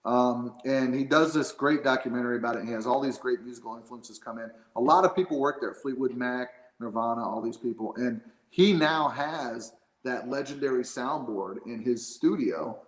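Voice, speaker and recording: A man's voice: medium pitch, moderate pace. Rambling man, roomy sound. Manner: rambling, many fillers and restarts. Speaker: guest. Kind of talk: casual chat.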